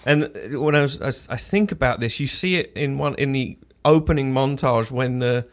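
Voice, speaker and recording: A man with a gravelly, creaky voice talks through a film on a casual podcast. He speaks steadily and works from his notes. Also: medium pitch, moderate pace. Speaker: podcast co-host.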